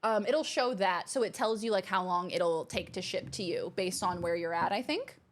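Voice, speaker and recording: A woman hosting a livestream from her home streaming room, chatting casually and reading out viewer messages in a bubbly, gushing way that is quick to exclaim. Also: lowish voice, slight background noise. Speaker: livestream host.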